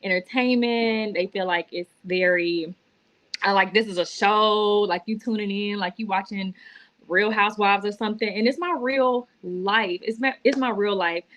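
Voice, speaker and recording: A woman's voice: medium pitch, fairly even intonation, normal speed, a bit bright. Woman going live on her laptop, teary and emotional, talking faith to her viewers. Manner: emotional, testifying, addresses viewers as y'all. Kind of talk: casual live-stream talk to viewers. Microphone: laptop or phone.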